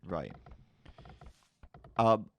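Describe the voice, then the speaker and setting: A man's voice: low voice, big pitch swings, extremely slow, creaky, a little hiss or hum. A man casting a strategy game match in a casual, joking way, sometimes stumbling over names. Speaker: esports commentator.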